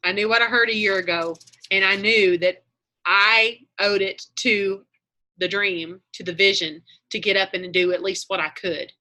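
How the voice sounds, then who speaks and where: Chatty bright-voiced woman on a video call. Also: medium pitch, fairly even intonation, normal speed. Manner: chatty, meandering, self-correcting. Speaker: online group leader. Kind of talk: casual chat on a video call.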